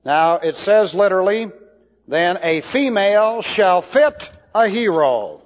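A man teaching a sermon, slow and deliberate, spelling out Hebrew words letter by letter. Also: high voice, very animated. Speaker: Bible teacher. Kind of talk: expository sermon. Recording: dull lo-fi hall recording.

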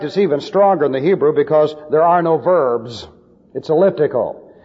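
A man's voice: on the high side, big-room sound, muffled recording. A male preacher giving emphatic, lecture-style Bible teaching with numbered points.

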